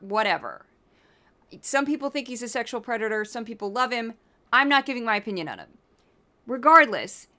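Woman podcast host, bright, somewhat high voice, sarcastic political commentary. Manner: sarcastic, animated and opinionated.

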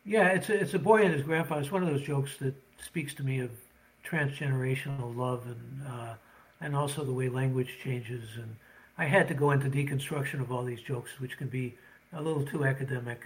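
Animated joke-telling man, radio guest. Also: mid-range voice, fairly quick, low-quality recording. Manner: animated storyteller, hesitant with fillers. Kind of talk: telling jokes on a radio show.

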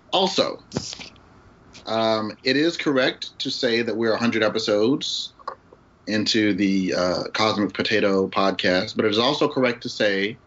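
A man's voice: fairly low pitch, a bit bright. A man hosting a podcast game round in a wry, joking way, with fillers, on a dull online call recording. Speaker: game show host.

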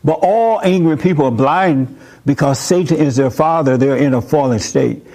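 A man delivers a sermon in a somewhat high voice, with a blunt, emphatic preaching manner. He addresses a gathered audience directly, as a show host used to speaking at length. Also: normal speed, dark tone. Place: room with a live audience.

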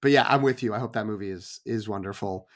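A man's voice: on the low side, quick pace. Wry, rambling man on a film podcast. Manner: rambling, stammering restarts, wry jokes. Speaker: podcast co-host. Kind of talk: casual film podcast chat.

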